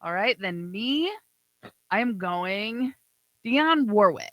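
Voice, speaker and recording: A woman co-hosting a morning radio show, briskly keeping the game moving. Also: mid-range voice, expressive, no echo, lo-fi sound. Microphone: studio microphone.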